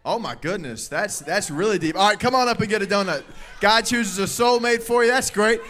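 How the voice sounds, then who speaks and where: A male youth pastor preaching a lively, crowd-engaging sermon with a high, bright, ringing voice. He is playful and energetic, joking with the room and calling out loudly to his listeners. He speaks into a handheld microphone in a youth service hall. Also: fairly quick, slight background noise.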